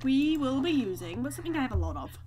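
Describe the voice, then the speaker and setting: A woman's voice: high voice, big pitch swings, fast, mellow, a little hiss or hum. A woman hosting a gaming video, chatting casually and giggling to viewers as she plays. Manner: chatty, giggly, talks to viewers while playing. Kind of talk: casual let's-play commentary.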